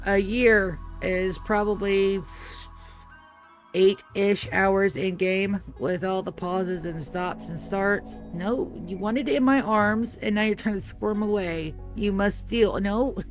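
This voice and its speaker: A woman streams first thing in the morning, her voice still groggy from sleep. She rambles loosely, swears freely and breaks off to talk to her cat, at an ordinary middle pitch. Faint music plays quietly behind her at the desk mic. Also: fairly even intonation, unhurried. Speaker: game streamer. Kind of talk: casual live-stream chat.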